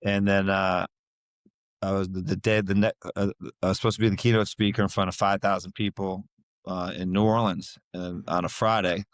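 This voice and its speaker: A podcast guest with a low voice tells his story in a casual interview, speaking fairly quickly. He's an animated storyteller who acts out quoted voices, and the recording has no echo.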